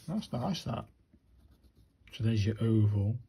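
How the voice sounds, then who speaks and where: Low, creaky, and mellow with a breathy edge, this man's voice is animated yet slow. He chats viewers through his handwriting practice in a casual talk-through, muttering to himself as he writes.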